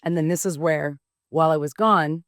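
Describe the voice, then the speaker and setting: A woman's voice: low-pitched, steady tone, normal speed, a bit bright, no room sound. Woman on her podcast spilling her story, blunt and emotional, curses a lot, dry close sound. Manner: frank and emotional, swears freely, acts out her own past thoughts. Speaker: podcast host. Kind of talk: candid personal storytelling monologue.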